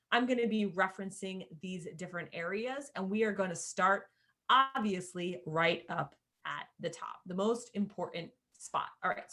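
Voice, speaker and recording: A woman's voice: medium pitch, a bit bright. A woman teaching a screen-share tutorial, in a chatty way with casual asides, often calling her viewers "you guys.". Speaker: course creator teaching sales page design.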